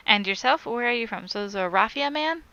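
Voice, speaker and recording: A woman's voice: a little high, sharp tone, dry recording, dull audio. A woman on a crochet live stream, chatting casually as she reads viewer comments aloud and answers them.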